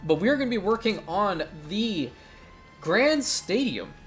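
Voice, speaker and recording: A man's voice: sits high, big pitch swings, fairly bright tone, faint music behind. Chatty man narrating his gameplay. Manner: chatty, blunt, bursts of quick speech. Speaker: gaming channel host. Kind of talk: casual let's-play commentary.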